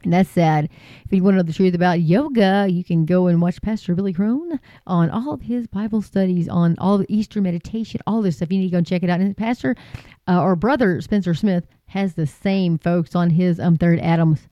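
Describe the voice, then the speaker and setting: A woman's voice: lowish voice, fairly quick, mellow, no echo. A woman hosting a Christian commentary show, reading news aloud and breaking off with indignant asides. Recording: dull lo-fi sound.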